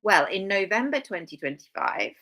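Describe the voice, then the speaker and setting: A fifty-year-old woman hosting a live video in a sarcastic, mocking tone. Her pitch swings widely as she drops teasing asides between points. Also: big pitch swings, normal speed, fairly bright tone. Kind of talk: sarcastic casual commentary.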